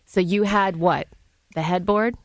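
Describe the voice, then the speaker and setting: Low-voiced Canadian woman trading dry wisecracks. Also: steady tone, no room sound. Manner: dry wisecracks and quick interjections. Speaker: radio morning show co-host. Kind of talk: morning radio banter.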